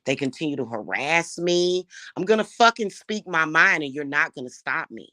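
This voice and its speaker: A woman's voice: low-pitched, lively intonation, normal speed, bright, forceful tone, dry recording, studio quality. A middle-aged woman ranting to camera in a vlog. She sounds heated and profane, repeats herself and often restarts her sentences. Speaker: spiritual reader and spellwork vlogger. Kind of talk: unscripted angry rant to camera.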